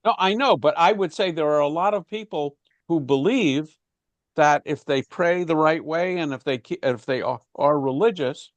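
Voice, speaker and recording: A man's voice: on the high side, normal speed, no room sound. A man leading an informal class discussion, talking conversationally with frequent restarts and fillers. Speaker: class teacher.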